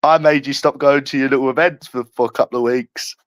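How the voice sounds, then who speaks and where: Speaking fast in a steady, mid-range voice, a young man with a London accent taunts someone over and over on a live stream. The recording is dry, and his rant is full of repetitive, mocking jeers.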